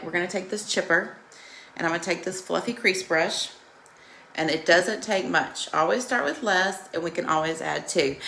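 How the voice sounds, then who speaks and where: Chatty woman with a gravelly voice. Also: mid-range voice, sharp tone, slight background noise. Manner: chatty, greets viewers by name while demonstrating; reassuring, coaching tone. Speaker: makeup tutorial host. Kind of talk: live makeup tutorial.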